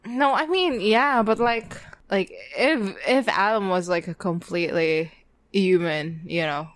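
A woman's voice: mid-range voice, unhurried. A woman co-hosting a podcast, animatedly retelling a TV episode in casual chat, acting out quotes and laughing along the way. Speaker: podcast co-host.

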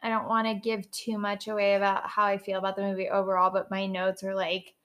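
Young woman cohost, bright punchy voice, blunt jokes, swears a bit. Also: mid-range voice, monotone, a little fast. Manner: blunt, wisecracking, swears casually. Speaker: podcast co-host. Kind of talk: casual chat about a film.

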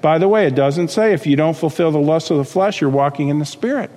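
A man's voice: a little high, fast talker, big-room sound. Man preaching a Baptist-style sermon. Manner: animated preaching with acted quotes and scripture reading. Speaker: pastor.

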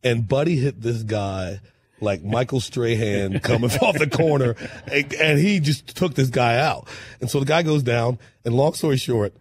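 A man, a musician guest on a talk show, telling animated stories that he laughs through and acts out. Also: medium pitch, moderate pace. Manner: lively storyteller, laughs through punchlines, acts out quotes.

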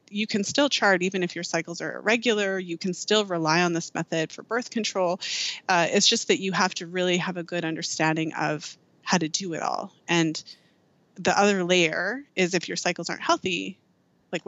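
A woman's voice: on the low side, fairly bright tone, no room sound, muffled recording. A woman who teaches fertility awareness, giving earnest, detailed interview answers full of fillers and restarts. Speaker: fertility awareness educator, podcast guest.

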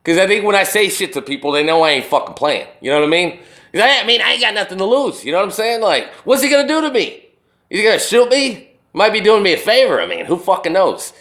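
A young man telling a rambling, profane story to the camera, swinging between loud retellings and low muttering. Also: big pitch swings, quick pace. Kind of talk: casual storytelling monologue to camera. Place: indoors, wall behind him.

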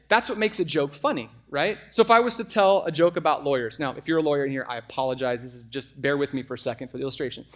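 A middle-aged male pastor delivers a sermon in a conversational, lively way. He keeps turning to the congregation with quick asides and questions, and his voice sits a bit higher than most men's.

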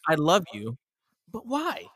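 A man in casual chat among friends, teasing and calling his buddies out. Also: on the high side. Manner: teasing, animated, quick to call friends out.

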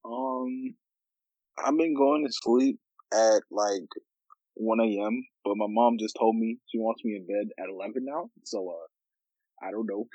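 A man's voice: fairly low pitch, a little slow, dark tone, no echo, muffled recording. A man joining a podcast remotely in casual chat, answering hesitantly and trailing off.

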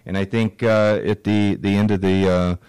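A man's voice: lowish voice, level tone, normal speed, a little mellow, clear, resonant tone, dry recording, studio quality. A man co-hosting a casual podcast chat, upbeat and rambling with lots of filler words. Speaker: co-host and author.

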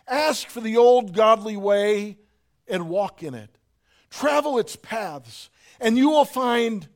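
Man preaching, high voice, soft passages, shouted peaks. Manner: swings from soft hush to shouting. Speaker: pastor. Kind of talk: sermon.

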